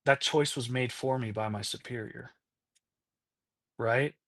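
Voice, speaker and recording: A man's voice: medium pitch, a little slow, fairly bright tone, dry recording, studio quality. A man in his thirties, a podcast guest, speaking candidly about his past and often checking in with "right?" and "you know?". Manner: acts out past conversations in quoted voices. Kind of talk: candid personal storytelling.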